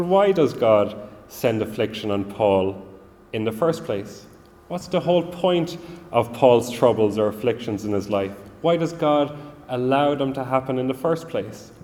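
A man's voice: mid-range voice, a little mellow. Earnest male preacher in a reverberant hall. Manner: earnest, measured, repeats himself while thinking. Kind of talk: sermon. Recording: long reverb of a large hall.

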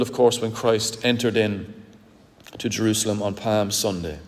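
A man preaching a sermon with emphatic, dramatic swings between loud and soft. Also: on the low side, fairly even intonation, moderate pace. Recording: long hall reverb.

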